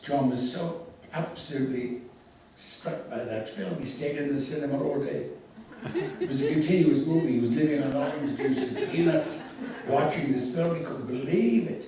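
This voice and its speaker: An older man telling theatrical, animated anecdotes as a convention guest, recorded from far off in an echoey hall. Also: a little high, moderate pace, a little hiss or hum. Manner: theatrical, animated storyteller with laughs. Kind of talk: anecdotal storytelling.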